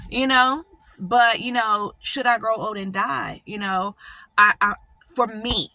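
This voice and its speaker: In a personal vlog, a middle-aged channel host speaks emotionally and close to tears, rambling and repeatedly checking in with "right?" and "you know." Her bright, sharp voice is a little high, steady, and unhurried. The sound is dry and close, with no room sound.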